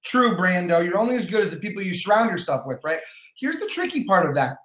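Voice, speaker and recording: A man who leads a sales team, giving an energetic motivational livestream talk from his phone. He repeats his points for emphasis, swears casually and greets viewers by name. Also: sits high, fast talker, roomy sound.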